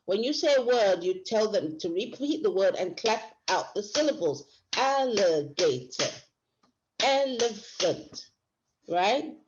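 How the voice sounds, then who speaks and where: A woman's voice: mid-range voice, expressive, moderate pace, few pauses, noisy background. A woman teacher giving a workshop lecture, explaining step by step and often restarting her phrases. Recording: dull lo-fi recording.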